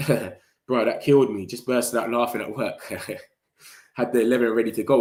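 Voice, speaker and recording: A man's voice: medium pitch, moderate pace. Young guy ranting about transfers, slangy and fired up, roomy echo. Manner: animated slang-heavy banter, laughs often. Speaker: football channel host. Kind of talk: casual live transfer-news chat.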